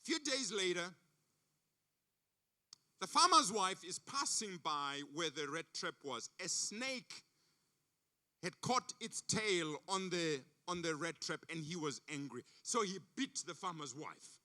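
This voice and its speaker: A man's voice: high-pitched, expressive, slow pace, bright, forceful tone. A man from Africa giving a sermon as a guest preacher, telling stories with emphatic repetition. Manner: emphatic storytelling, repeats phrases. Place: church service.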